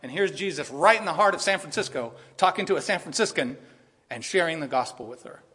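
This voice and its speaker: A man preaching a sermon with emphatic, repetitive, animated delivery, addressing his congregation. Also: on the high side, a little fast, slightly rough, long reverb tail.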